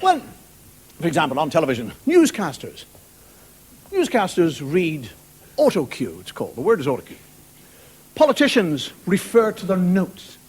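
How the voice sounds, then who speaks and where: A middle-aged Irish man doing a wry, rambling stand-up monologue on a TV studio stage, mimicking voices and now and then shouting. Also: on the high side, wildly swooping pitch, moderate pace, long pauses, husky. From Ireland. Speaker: stand-up comedian. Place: television studio with audience. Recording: broadcast studio with audience laughter and noise. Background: studio audience laughter.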